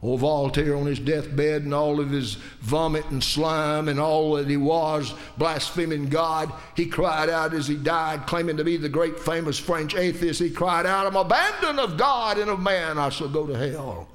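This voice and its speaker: A pastor from the United States preaching in church, with impassioned appeals that rise loud and high and then drop to hushed, low asides. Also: male voice, steady tone, a little slow, hardly any pauses. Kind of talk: sermon.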